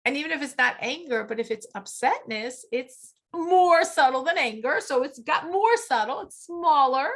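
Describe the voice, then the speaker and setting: Animated high-voiced woman teaching. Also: normal speed. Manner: animated, acts out inner voices, laughs often. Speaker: teacher of a women's class. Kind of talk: lecture with group discussion.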